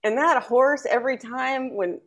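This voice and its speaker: A woman co-hosting a podcast, telling stories in casual chat with a lively, laughing manner. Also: high-pitched, measured pace. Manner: animated, laughing storyteller. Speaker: podcast co-host.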